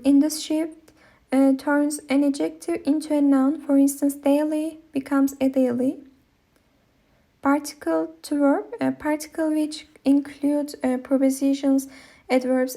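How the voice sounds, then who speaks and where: Hesitant high-voiced woman with Turkish accent. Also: flat delivery, measured pace, dark tone. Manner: hesitant, many ums and uhs. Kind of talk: reading a linguistics presentation.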